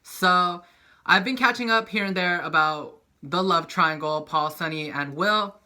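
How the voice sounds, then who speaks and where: Bright high-voiced man ranting about soaps. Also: a little slow. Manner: animated, profane, acts out characters' lines in quotes. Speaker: soap opera vlogger. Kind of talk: casual recap vlog.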